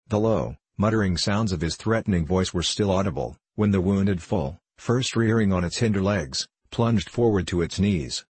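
Deep husky male audiobook narrator. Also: no echo, low-quality recording. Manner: measured, even reading. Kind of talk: scripted narration.

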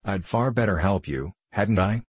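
Curious little girl in a storybook, read by a man in a deep husky voice, dry close sound. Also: lively intonation, normal speed, no room sound. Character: curious polite young girl.

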